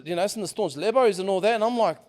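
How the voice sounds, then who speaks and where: A middle-aged man, a podcast guest, telling stories in a casual, animated way and swearing freely. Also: high-pitched, rapid-fire. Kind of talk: casual storytelling.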